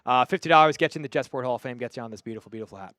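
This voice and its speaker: A Long Island man hosts a live football watch-party stream, calling plays, chatting casually, and reading viewer messages aloud. His medium-pitched, fairly bright voice comes out rapid-fire. The studio sound is clean, with no echo.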